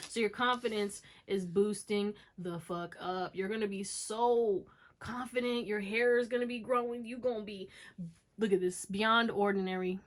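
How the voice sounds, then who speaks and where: A woman's voice: mid-range voice, fairly bright tone. A woman doing a casual, chatty tarot reading, talking straight to her viewers and swearing now and then. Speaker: tarot reader.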